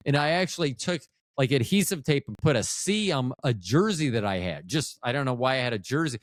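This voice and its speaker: A man's voice: mid-range voice, expressive, fairly quick, hardly any pauses, no room sound. A man in his fifties, hosting a podcast, telling rambling, profane, self-mocking stories about his youth in a casual monologue. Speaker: podcast host.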